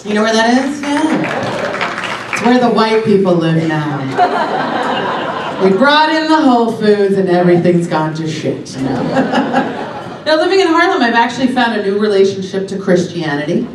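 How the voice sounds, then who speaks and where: A woman from Long Island doing a raunchy stand-up set, telling brash, animated stories with big jumps in pitch. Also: moderate pace, noisy background. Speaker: stand-up comedian. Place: comedy club stage. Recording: roomy club sound from a distance, loud audience. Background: audience laughter.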